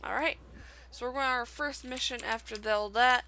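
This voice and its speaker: Young woman host, casual let's play chatter, bright voice with some fry, faint game music. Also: on the high side, fairly even intonation, fairly quick, a little hiss or hum, low-quality recording. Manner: chatty, with many fillers. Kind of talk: casual gameplay commentary.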